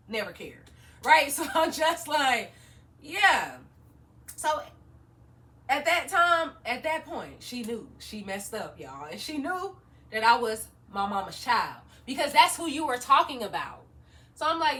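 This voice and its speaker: A young woman vlogger telling a story in an animated, slangy way, laughing often. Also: sits high, measured pace, far from the mic, slight background noise. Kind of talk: storytime vlog.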